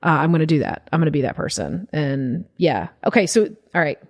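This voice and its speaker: A young woman comedian with a drawl, slightly low-pitched, telling a long story in an animated, casual way. She swears freely and slips into the voices of the people she quotes. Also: a little fast. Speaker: guest comedian.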